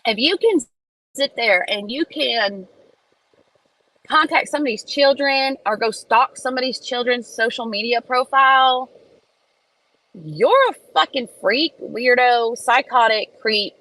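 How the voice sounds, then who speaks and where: A woman's voice: fairly high pitch, measured pace, pushed and bright, rough recording. A woman host on a phone livestream, sitting in her car, ranting bluntly and profanely. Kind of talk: casual livestream rant. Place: in a parked car in a school pickup line.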